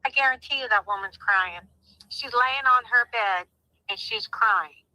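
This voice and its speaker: A woman's voice: on the high side, a little slow, bright, forceful tone, no room sound, low-quality recording. A woman speaking as a guest in a phone interview, emphatic and heartfelt, often repeating herself. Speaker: guest, sister of a crime victim.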